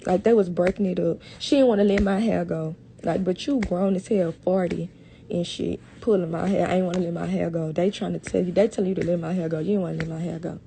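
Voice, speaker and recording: A young woman telling a story casually on a livestream, animated, talking to her viewers as y'all and swearing a lot. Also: lowish voice, fast talker, gravelly, a little hiss or hum. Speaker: live streamer.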